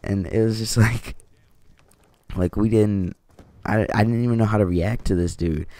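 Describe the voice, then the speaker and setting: Gravelly deep-voiced teenage guy. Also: fairly even intonation, normal speed, dark tone, dry recording. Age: teens. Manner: rambling, heavy use of "like", swears. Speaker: vlogger. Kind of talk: casual storytelling. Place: at home.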